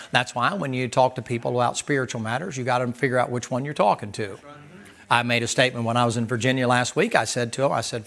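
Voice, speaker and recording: A man preaching a sermon in a folksy, animated way, acting out little dialogues. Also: medium pitch, brisk, vocal fry.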